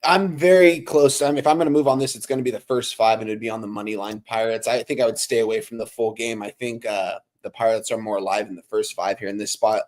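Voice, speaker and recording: Fast-talking man thinking aloud on bets. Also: lowish voice, little pitch movement, a little mellow. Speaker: co-host. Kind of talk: casual sports betting chat.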